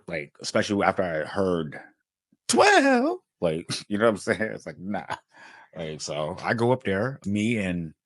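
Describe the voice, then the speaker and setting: A man casually telling a personal story to his viewers, animated and slangy, full of fillers, acting out what others said. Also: deep voice, no echo, clean studio sound. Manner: animated, slangy, lots of fillers, acts out quotes.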